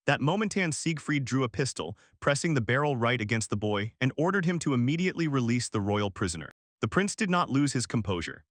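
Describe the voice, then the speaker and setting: A man narrating a manga story recap in a steady, even storytelling delivery. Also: medium pitch, a little fast, dry recording, clean studio sound.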